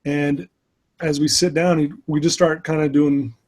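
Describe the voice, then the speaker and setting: Husky man telling his story earnestly. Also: a little high, flat delivery, unhurried, a little mellow. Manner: earnest, candid recounting of struggles. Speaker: speaker and addiction mentor. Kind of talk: personal storytelling in an interview.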